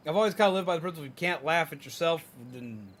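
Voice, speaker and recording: High-voiced man ranting on a stream. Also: very fast, a little hiss or hum. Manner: animated ranting, mimicking people in mocking voices; frank, swears freely. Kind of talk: casual livestream rant while gaming.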